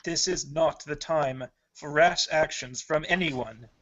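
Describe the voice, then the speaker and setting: A man's voice: medium pitch, a little slow, a bit bright, lightly acted. A man voicing a stern, commanding female priestess leader, with dull lo-fi audio. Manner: firm, authoritative pleading.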